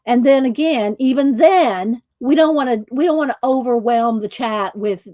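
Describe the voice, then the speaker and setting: A woman's voice: on the high side, normal speed, warm tone, no echo. A woman hosts a casual art livestream, chatting in a rambling way and laughing often. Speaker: art channel host.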